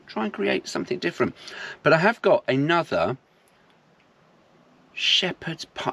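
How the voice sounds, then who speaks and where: A man's voice: fairly low pitch, a bit bright, slightly rough. A man chatting casually to camera while cooking in his campervan, sweary and chatty, sounding tired. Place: inside a campervan. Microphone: camera mic.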